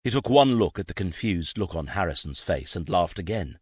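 A man narrating a novel in an expressive, scripted reading. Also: sits low, normal speed, few pauses, slightly rough, no echo, clean studio sound. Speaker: audiobook narrator.

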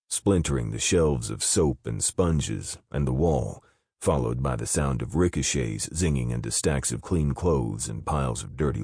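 Male audiobook narrator, husky bass, dry close recording, even measured delivery. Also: no echo. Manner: steady, measured storytelling. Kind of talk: scripted narration of an action novel.

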